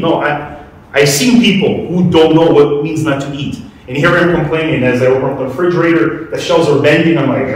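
Brief: male pastor, slightly high voice, chatty sermon, recorded from a distance in a very echoey hall. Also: fairly even intonation, fairly quick. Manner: conversational preaching, asks the congregation questions. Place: church hall. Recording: echoey room, mic at a distance.

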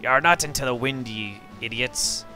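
A man's voice: mid-range voice, moderate pace, pushed and bright, faint music behind. A man voicing a boastful, crude male pirate captain with brash, bawdy pirate talk.

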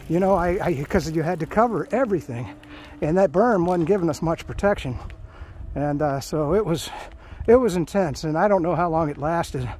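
A man's voice: a little high, moderate pace, a little mellow, slight background noise. A man in his fifties telling his own Marine stories in a rambling, casual way, full of fillers and restarts, as he hikes along a trail. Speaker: Marine veteran storyteller. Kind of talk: casual spoken storytelling. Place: outdoors on a hiking trail. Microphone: phone held while walking.

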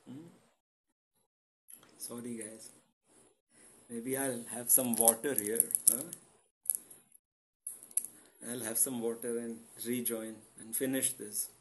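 Male online preacher, mid-pitched voice, impassioned sermon delivery built on rhetorical questions. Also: level tone, slow pace, pauses often, a little mellow, low-quality recording. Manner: emotional, asks rhetorical questions and answers them. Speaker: online church founder and presenter. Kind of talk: impassioned sermon-style Bible teaching.

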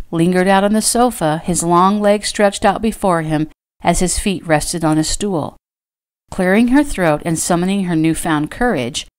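A woman with a lowish voice reading her own novel aloud. Her narration is measured and gentle, steady through the prose. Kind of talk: audiobook narration.

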